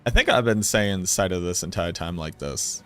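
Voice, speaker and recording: Low-voiced man with a Boston accent. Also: moderate pace, a bit bright, soft background music. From North Shore of Boston, USA. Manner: rambling, chatty, lots of "like". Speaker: game streamer. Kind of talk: casual stream chat.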